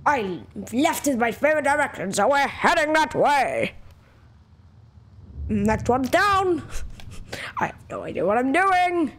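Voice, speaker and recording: A woman doing let's-play game commentary in an excitable, loud way, jumping between shouting and muttering. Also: high-pitched, slow, pauses often. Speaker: gamer.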